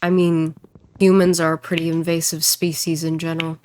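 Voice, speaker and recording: Low-voiced woman chatting on stream. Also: flat delivery, a little mellow. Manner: rambling, joking, quick to laugh. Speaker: streamer and voice actor. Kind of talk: casual livestream chat while gaming.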